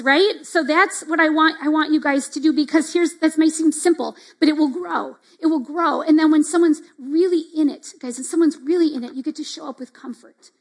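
A middle-aged woman giving a devotional teaching talk in a conversational way, with many asides like "like" and "right?", and acting out the reactions she describes. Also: high voice. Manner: acts out quoted reactions. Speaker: church speaker.

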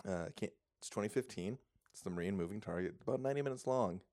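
A man's voice: fairly low pitch, fast talker, a little mellow, no echo. A man co-hosting a casual movie podcast, joking and rambling and laughing often. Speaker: podcast co-host.

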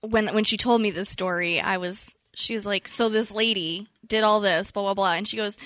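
Bright young woman, blunt and chatty. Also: medium pitch, steady tone, moderate pace, hardly any pauses, no echo. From Western New York. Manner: chiming in, laughing, blunt and profane. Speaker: podcast co-host. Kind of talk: casual chat.

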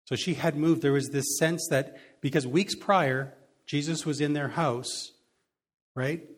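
A man preaches a sermon by reading a Bible passage and commenting on it, slipping in casual, chuckling asides. His voice is fairly high and steady in tone, and he speaks a little slowly.

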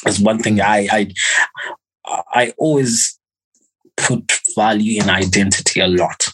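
A man from Zimbabwe, a musician guest, chatting in a relaxed, animated way on a podcast and laughing often. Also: lowish voice, a little slow, slight background noise, low-quality recording. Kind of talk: casual podcast chat.

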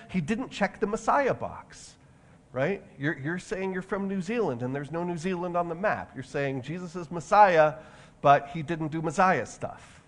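A man preaching a sermon in a conversational way, with frequent restarts and asides. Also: a little high. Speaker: pastor.

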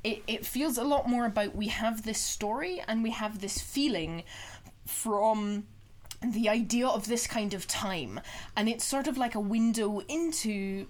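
A woman's voice: fairly high pitch, a little slow. A young woman co-hosting a podcast, chatting casually about films in a rambling way full of fillers. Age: young adult. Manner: rambling, full of "sort of" and "kind of". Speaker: podcast co-host. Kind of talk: casual film discussion.

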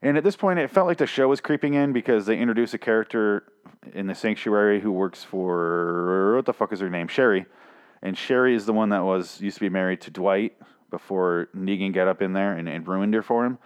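A man's voice: fairly low pitch, fairly quick, clean tone. A man recapping a comic in a casual, profane, sarcastic and rambling way. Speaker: podcast host recapping a comic.

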